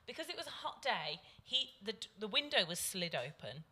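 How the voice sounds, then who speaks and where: Animated woman telling anecdotes. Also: medium pitch, moderate pace, husky. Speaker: radio show co-host. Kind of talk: casual chat.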